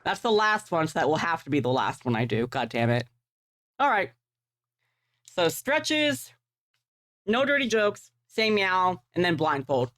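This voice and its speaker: A woman's voice: fairly low pitch, big pitch swings, a little slow, pauses often, a bit bright. A woman livestreaming, chatting casually and rambling with offhand swearing while setting up a game. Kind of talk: casual live-stream chat while gaming.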